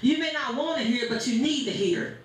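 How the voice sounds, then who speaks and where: A woman pastor delivers a sermon, her voice sitting high. She preaches in rhythmic phrases that draw answers from the congregation. The sound rings with heavy echo off the church walls. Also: quick pace. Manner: rhythmic preaching with call-and-response. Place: church sanctuary. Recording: very echoey church room.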